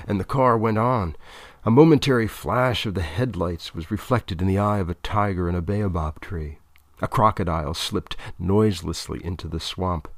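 A man reading a comic mock-epic story aloud with deadpan, mock-heroic asides. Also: deep voice, normal speed, dry recording, clean studio sound.

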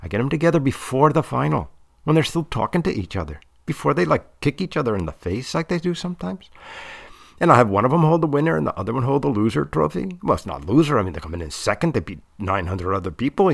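A man's voice: mid-range voice, very animated, fast, creaky. A man who works as a debate coach rambles comically, repeating himself and restarting sentences. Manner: rambling, repetitive, full of restarts.

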